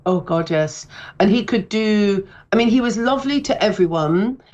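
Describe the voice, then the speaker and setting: A woman's voice: mid-range voice, normal speed, darkish tone, highs cut off. A woman in her sixties, a comedian and author, chatting on the radio in a rambling, self-deprecating way with many restarts. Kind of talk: casual radio interview.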